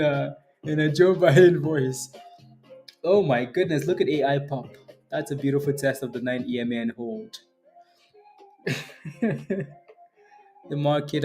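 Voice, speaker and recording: Giggly, mellow-voiced male trading streamer. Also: fairly high pitch. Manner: chatty, giggly, answers chat by name. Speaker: day trading livestream host. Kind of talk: casual live commentary.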